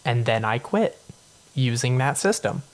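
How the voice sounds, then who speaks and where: A man voicing an old pope who calmly and offhandedly announces his resignation. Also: medium pitch, measured pace, close to an everyday voice. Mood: deadpan. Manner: offhand, deadpan. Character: matter-of-fact old male pope quitting his job.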